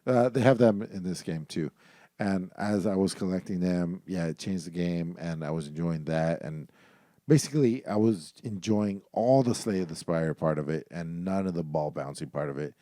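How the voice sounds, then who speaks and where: A man's voice: deep voice, normal speed, dark tone, no room sound, clean studio sound. A man co-hosting a gaming podcast, talking casually and rambling with lots of fillers. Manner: laid-back, rambling with many fillers. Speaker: podcast co-host. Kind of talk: casual chat.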